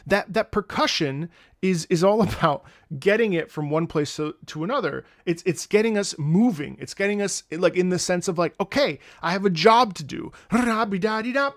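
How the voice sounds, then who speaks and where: A man's voice: sits high, dry recording. A man streaming casual commentary on game music, rambling with restarts and humming melodies into a close mic.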